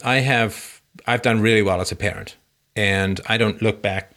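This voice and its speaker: A man hosting a call-in advice show, talking forcefully and repeating his points for emphasis. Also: on the low side, steady tone, normal speed.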